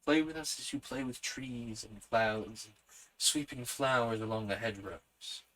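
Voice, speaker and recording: A man voicing a coaxing uncle who speaks in a low whisper in a storybook reading. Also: measured pace, fairly bright tone, natural voice, rough recording. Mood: hushed.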